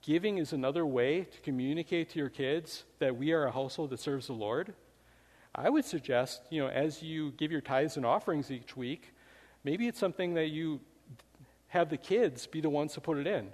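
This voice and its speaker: A man's voice: a little high, normal speed, darkish tone. A man preaching a sermon in a church, speaking conversationally with many "you know" fillers. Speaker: pastor. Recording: long hall reverb.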